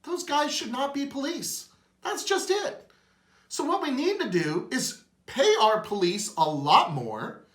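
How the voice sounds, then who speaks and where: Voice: medium pitch, fairly bright tone. Impassioned speaker in an echoey room. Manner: earnest, impassioned, emotional. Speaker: host. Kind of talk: opinion monologue.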